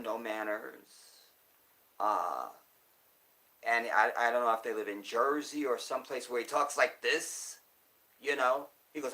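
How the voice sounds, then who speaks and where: An animated man delivers a casual monologue, driving his points home by repeating them. His voice sits at an ordinary middle pitch, and his pace swings between slow emphasis and quick asides. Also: poor audio. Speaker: commentator.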